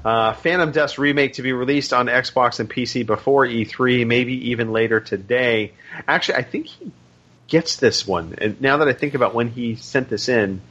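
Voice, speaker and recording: A man's voice: mid-range voice, moderate pace, fairly bright tone, dull audio. A man co-hosting a gaming podcast in a casual, rambling chat full of fillers. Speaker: podcast co-host.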